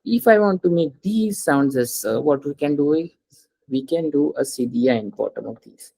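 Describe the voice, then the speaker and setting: Husky-voiced man teaching a language lesson. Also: fairly high pitch, lively intonation, normal speed, darkish tone, low-quality recording. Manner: patient, explains step by step and prompts the student to read aloud. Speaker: French teacher.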